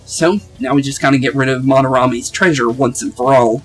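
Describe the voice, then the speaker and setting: A man's voice: medium pitch, brisk, few pauses, faint music behind, rough recording. A young man giving casual, chatty commentary while playing a game, laughing often as he talks. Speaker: gaming video host.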